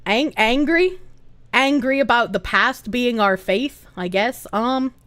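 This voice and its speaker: A woman's voice: on the high side, slow, a bit bright. A woman streamer chatting casually and giggling a lot as she reads out her chat.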